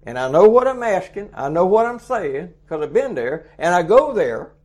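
A man's voice: high-pitched, big pitch swings, normal speed, darkish tone. A man preaching a folksy sermon, chuckling often and acting out little dialogues. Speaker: truck stop preacher.

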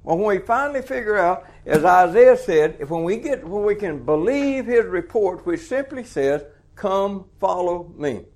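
A man's voice: high-pitched, lively intonation, normal speed, few pauses, darkish tone. A man preaching a folksy sermon, chuckling often and acting out little dialogues. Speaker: truck stop preacher.

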